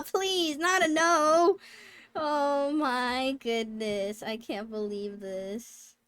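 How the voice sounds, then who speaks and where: A woman's voice: a little high, dry recording. A woman livestreamer chatting casually, giggly, swearing now and then and stumbling over her words. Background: faint game music.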